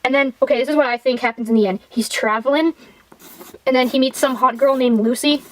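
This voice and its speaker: A woman's voice: high voice, fairly even intonation, fairly quick, poor audio. Rambling young-sounding woman retelling a film. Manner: rambling, filler-heavy, irreverent; drawing while talking. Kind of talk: rambling casual film recap.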